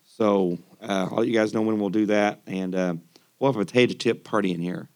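A man's voice: on the low side, steady tone, fairly quick. A man hosting a casual podcast who talks easily, with many fillers and restarts. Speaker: podcast host.

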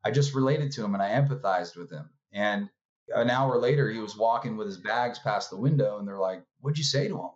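A man's voice: lowish voice, a little fast. A man from California, a podcast guest, telling his story in a casual, filler-heavy way and acting out the voices he quotes. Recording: dull lo-fi sound.

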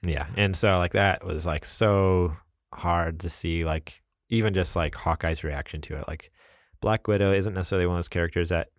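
A man co-hosting a casual podcast chat, talking animatedly and acting out scenes with quick quoted voices and laughs. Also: sits low, no room sound, studio quality. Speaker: podcast co-host.

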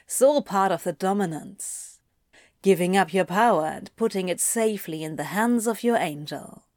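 A woman voicing a cocky, teasing adult male demon in a slow audiobook reading, sly and coarse-mouthed. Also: mid-range voice, a little mellow, no echo, studio quality, close to an everyday voice. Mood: purring. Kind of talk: audiobook reading of fan fiction.

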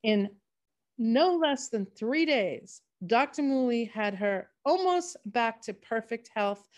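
A woman's voice: on the high side, animated, slow. Chatty storytelling woman podcast host. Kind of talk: casual chat.

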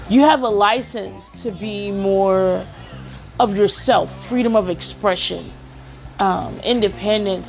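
A woman's voice: mid-range voice, creaky. A woman hosting a podcast, giving advice in a chatty storytelling way and often saying "you know.". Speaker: podcast host. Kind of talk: casual advice monologue.

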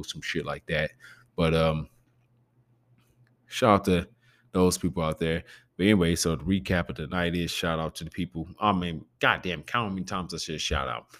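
Man, extremely low voice, gravelly growl, casual podcast host, rambling, swears a lot. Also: fairly bright tone. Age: adult with a preteen nephew. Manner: loose and profane, rambling. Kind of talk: casual solo podcast chat.

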